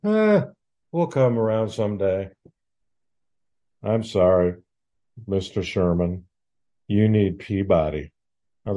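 Man, exasperated sports rant, sarcastic, rambling, mellow dark tone. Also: lowish voice, lo-fi sound. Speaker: podcast host. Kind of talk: ranting sports commentary.

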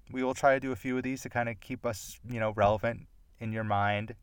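A man's voice: lowish voice, fairly quick, no echo. A man hosting a podcast on his own, rambling through loose casual chat, drifting off topic and making fun of himself. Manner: rambling, digressive and self-deprecating. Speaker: podcast host.

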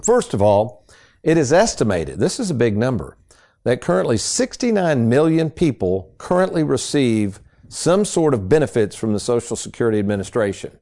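A man's voice: medium pitch, sing-song, normal speed, warm tone. A man, hosting a financial radio show in a casual, folksy storytelling way. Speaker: financial advisor and radio host.

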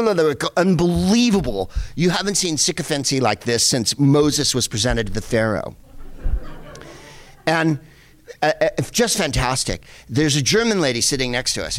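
A middle-aged man casually telling a lively anecdote, full of asides and the odd curse. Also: a little high. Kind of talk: casual storytelling.

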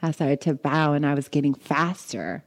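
A woman giving a dharma talk, telling a personal story in an animated way and acting out her own thoughts with laughter. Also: deep voice, normal speed. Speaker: meditation teacher.

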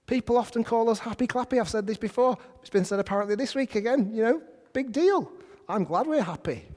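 A man preaching a sermon to a congregation in a lively, conversational way, often putting questions to them. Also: very high voice, a little fast. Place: church hall. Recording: hall reverb.

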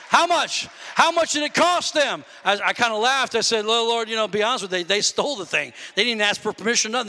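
Man, pastor, high voice, animated sermon, long church-hall reverb. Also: slight background noise. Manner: animated preaching, acts out dialogue with God, shouts at peaks. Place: church sanctuary.

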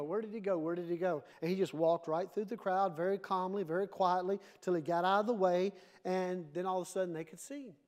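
Male pastor, very high voice, lively sermon with humorous asides. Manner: animated preaching with playful asides.

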